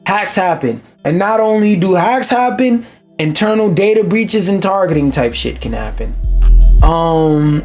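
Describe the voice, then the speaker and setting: A man's voice: high voice, animated, measured pace, a little mellow, soft background music. A young man streaming, reading an article aloud and breaking off into profane, ranting commentary. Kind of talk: casual reaction commentary.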